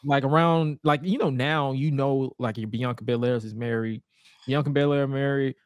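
A man co-hosts a casual podcast, recapping wrestling with loud, profane disbelief and quick asides. His voice sits in a middle pitch. The sound is dry and close, with no room echo. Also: clean tone. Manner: animated, profane recapping with mock-incredulous outbursts. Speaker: podcast co-host. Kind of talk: casual chat.

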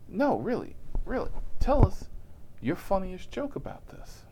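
A man's voice: sits high, wildly swooping pitch, measured pace, dark tone, a little hiss or hum, pitched above the performer's own voice, full character voice, rough recording. A man voicing a pushy, insistent male passenger in a raised, pleading voice.

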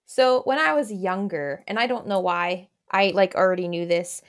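A woman's voice: lowish voice, normal speed. A woman co-hosting a podcast, telling stories in a chatty way with casual cursing. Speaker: podcast co-host.

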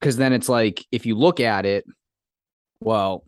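A man rambles through a casual podcast chat, hedging and swearing as he goes. His voice sits fairly low, and the recording is close and dry. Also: unhurried, clear, resonant tone, no room sound. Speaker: podcast co-host.

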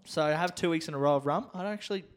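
A man's voice: fairly high pitch, racing. A man co-hosting a casual podcast, joking and swearing freely. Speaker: podcast co-host. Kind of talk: casual chat.

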